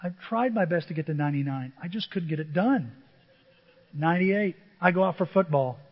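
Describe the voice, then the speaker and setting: High-voiced man preaching in a reverberant church. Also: brisk. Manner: humorous storytelling, animated asides to the congregation. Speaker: pastor. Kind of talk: sermon. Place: church sanctuary. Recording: dull reverberant church recording.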